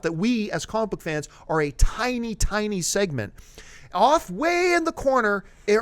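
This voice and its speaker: A male host in a casual movie news discussion, animated and talking at length before handing off to a co-host. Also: high-pitched. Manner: animated, talks at length and admits it.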